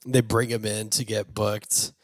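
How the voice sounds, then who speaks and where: A man's voice: on the low side, a little slow, no echo, clean studio sound. A man co-hosting a casual movie review, retelling scenes with lots of laughter and acted-out lines. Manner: animated retelling, acts out lines, laughs often. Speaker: podcast co-host.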